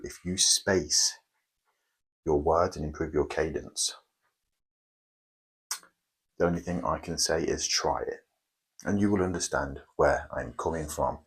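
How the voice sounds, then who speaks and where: Very deep, husky man. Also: poor audio. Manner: slow, deliberate, emphatic delivery with dramatic pauses. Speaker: self-help video host. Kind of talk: motivational monologue.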